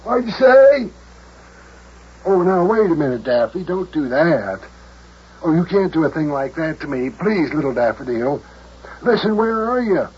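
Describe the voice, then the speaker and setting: An actor playing a fussy, lovesick older country mayor in a children's radio drama, with folksy rural grammar and melodramatic complaints. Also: male voice, fairly high pitch, lively intonation, moderate pace, darkish tone, slightly rough. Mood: frantic. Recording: dull old radio recording, faint hiss.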